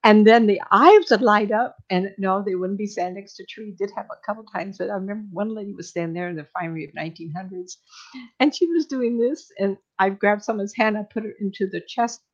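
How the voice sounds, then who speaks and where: A woman's voice: medium pitch, brisk, muffled recording. A middle-aged woman, a psychic medium, telling stories in casual chat, laughing often and acting out voices.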